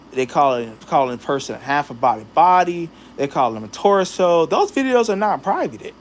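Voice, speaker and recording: A man's voice: fairly high pitch, slight background noise. A man ranting in a casual vlog, talking straight to his viewers with slang and heat. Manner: animated, heated, addresses viewers directly with slang. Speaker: channel host.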